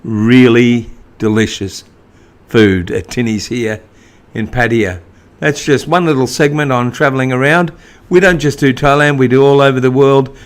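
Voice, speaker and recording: A man with a mid-range voice delivers a bright promotional outro. He wraps up the travel segment and urges viewers to subscribe. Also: mid-range voice, steady tone, moderate pace. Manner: upbeat promotional wrap-up. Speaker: show presenter. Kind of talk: scripted outro.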